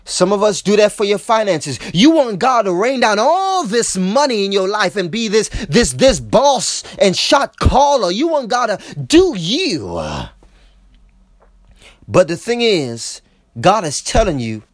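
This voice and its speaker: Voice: medium pitch, very animated, a little slow, no echo, studio quality. A preacher delivering a sermon, acting out quoted voices and often repeating words. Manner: repeats words as they speak.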